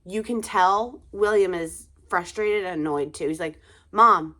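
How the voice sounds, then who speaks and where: Chatty, tired young mom rambling. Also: female voice, lowish voice, normal speed. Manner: rambling, chatty, lots of fillers and sighs. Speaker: vlogger, mother of two. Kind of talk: casual chat to camera.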